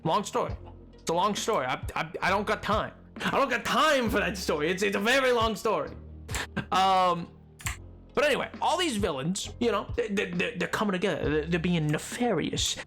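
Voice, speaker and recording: Animated high-voiced male streamer. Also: moderate pace, faint music behind. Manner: animated, rambling, self-interrupting. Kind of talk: casual chat while gaming.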